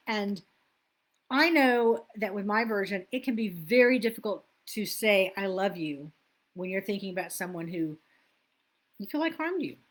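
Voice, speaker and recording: A middle-aged woman coaching self-help in a casual teaching talk, chatty and laughing at herself when she loses her place. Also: mid-range voice.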